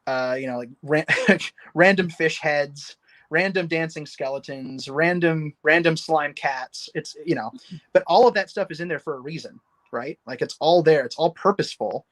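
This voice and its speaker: A man guesting on a casual livestream chat. He has a slightly high voice and talks with eager enthusiasm, circling back and restarting his sentences as he goes. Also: moderate pace, fairly bright tone. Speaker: guest, novelist.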